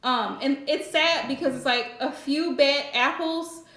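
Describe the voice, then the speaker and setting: A woman's voice: sits high, measured pace, pushed and bright, reverberant. A woman hosting a live stream and giving relationship advice in a chatty, direct way, laughing often. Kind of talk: casual live-stream chat.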